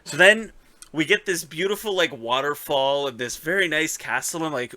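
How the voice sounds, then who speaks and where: A man co-hosting a podcast recap with a very bright, forward tone. The sound is close and dry. He tells the story with animated energy, swearing and slipping into the characters' lines, and his tone stays casual throughout. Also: fairly high pitch, normal speed, no echo. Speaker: podcast co-host.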